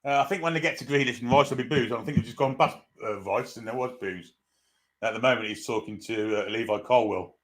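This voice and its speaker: A man's voice: mid-range voice, fast. A man hosting a live stream, chatting through a football match as it unfolds. He greets viewers one by one and reads out their comments in an easy, casual way.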